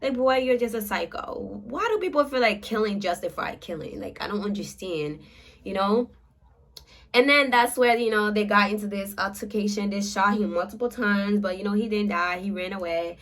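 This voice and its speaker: A young woman, casually retelling an anime plot in a chatty, animated way with filler words, in a room at home. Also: mid-range voice, moderate pace. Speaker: makeup vlogger. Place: home room with a ring light.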